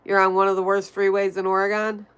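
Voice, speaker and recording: A woman's voice: mid-range voice, monotone, fast, fairly bright tone, clear, resonant tone. A woman with a nasal voice, chatting casually on a livestream and answering viewer messages as she reads them. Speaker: livestream host. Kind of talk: casual livestream chat, reading chat.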